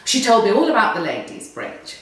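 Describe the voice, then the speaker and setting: A woman's voice: medium pitch, big pitch swings, a little fast. A woman, reading a story aloud in a wry, conversational way. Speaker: narrator. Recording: roomy echo, distant mic.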